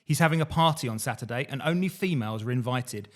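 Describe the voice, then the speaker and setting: A man hosting a podcast, reading diary entries in a dry, deadpan way between casual chat. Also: mid-range voice, fast talker. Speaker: podcast host reading diaries.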